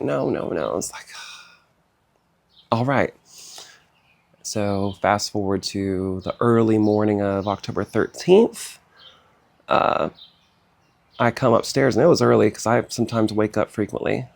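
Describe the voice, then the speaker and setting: A middle-aged man telling a painful personal story in a halting, emotional way, with many pauses, fillers and sighs. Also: mid-range voice, vocal fry. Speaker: personal vlogger.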